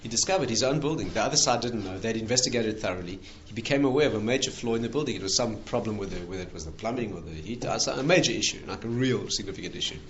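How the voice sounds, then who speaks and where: A rabbi with a lowish voice races through animated anecdotes with few pauses, cracking himself up at each punchline. It's a conversational storytelling lecture captured with lo-fi sound.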